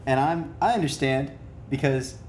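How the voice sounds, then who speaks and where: A man's voice: moderate pace, a little mellow. A young man chatting casually. He chimes in with a laid-back, filler-heavy way of talking. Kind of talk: casual chat. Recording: echoey room, faint rumble.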